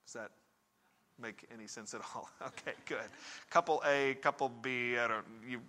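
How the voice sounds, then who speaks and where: A man preaching a sermon as a pastor and counselor, telling a story conversationally and putting direct questions to his listeners, swinging between hushed and emphatic. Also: mid-range voice, moderate pace.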